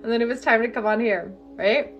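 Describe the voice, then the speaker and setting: A woman with a fairly high voice leads a live-streamed healing session. She talks frankly and casually, then slows into repeated, chant-like affirmations. Soft music plays faintly behind her. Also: muffled recording. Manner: candid, chatty and profane, then slow incantatory guidance. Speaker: energy healing coach.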